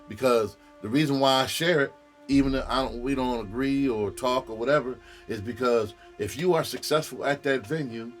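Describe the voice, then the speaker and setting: A middle-aged male comedian chatting casually on a livestream, candid and profane, rambling as he talks. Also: medium pitch. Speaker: comedian and streamer. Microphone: streaming mic.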